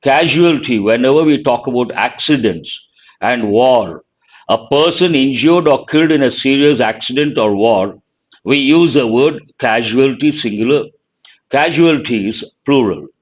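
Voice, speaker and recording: A man with an Indian English accent teaching vocabulary, explaining word meanings in a deliberate way and repeating key words. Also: medium pitch, lively intonation, dull audio. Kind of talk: vocabulary lesson.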